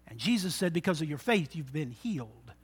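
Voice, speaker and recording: A man preaching a sermon, moving from quiet, intimate talk to loud exhortation and acting out the voices of people in his stories. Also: a little high, very animated, fairly quick, slightly rough. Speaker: pastor.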